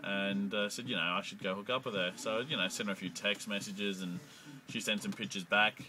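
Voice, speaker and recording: A man's voice: lowish voice, fairly even intonation, a little fast, a crowd in the background, low-quality recording. A young Australian man telling a crude, profanity-laced comic story in a rambling monologue. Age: young adult.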